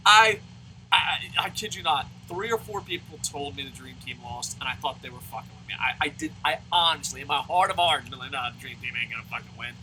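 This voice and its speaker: A man reviewing a wrestling show in a casual, profane rant, excitable and sarcastic, tripping over his words. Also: on the high side, brisk, hardly any pauses, a little hiss or hum, low-quality recording. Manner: excitable, swears constantly, sarcastic, repeats and restarts.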